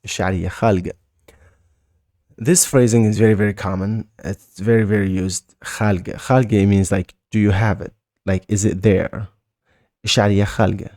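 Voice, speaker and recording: A man with a Mauritanian accent teaching a casual language lesson, repeating words slowly and chatting loosely. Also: on the low side, steady tone, darkish tone, no echo, clean studio sound.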